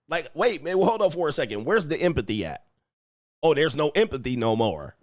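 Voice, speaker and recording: A man's voice: on the high side, very animated, a little fast, no room sound, studio quality. A man hosting a livestream, reading viewer messages and commenting in a mocking, slangy way with frequent laughs. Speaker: livestream host reading super chats. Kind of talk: casual commentary. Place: home studio.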